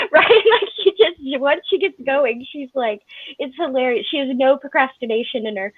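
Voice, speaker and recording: A woman's voice: sits high, dry recording. Chatty woman on a tinny line. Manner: chatty storyteller, laughs often. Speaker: podcast host. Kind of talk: casual chat. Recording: tinny phone-like line, dry.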